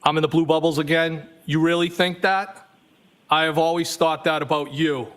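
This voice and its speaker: A man's voice: fairly high pitch, steady tone, normal speed, a bit bright. A man testifying as a trial witness, reading text messages aloud evenly and speaking the punctuation marks.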